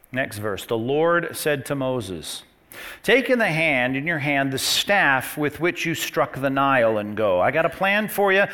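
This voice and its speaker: A middle-aged man preaching from the pulpit with a lively, swinging pitch that dips low and soft before rising to emphatic high points. His tone stays conversational, like a pastor talking straight to his congregation. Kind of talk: sermon. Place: church.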